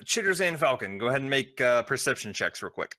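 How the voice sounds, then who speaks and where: A man's voice: medium pitch, sing-song, bright, forceful tone, no echo. A man running a tabletop game as game master, narrating with many ums and uhs. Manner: halting, filled with ums and uhs.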